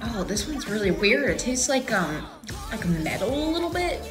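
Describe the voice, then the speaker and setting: A woman's voice: on the high side, very animated, normal speed, soft background music. A young woman acting out comedic POV skits with exaggerated, dramatic reactions. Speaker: skit creator.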